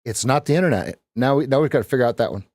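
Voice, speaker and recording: A man's voice: mid-range voice, animated, very fast, darkish tone, dry recording. A man talks through his trades on a live stream as a coach, loose and joking as he chats with viewers. His voice sits in an ordinary middle range. The sound is dry and close, with no room around it. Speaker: trading coach. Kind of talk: live-stream trading commentary.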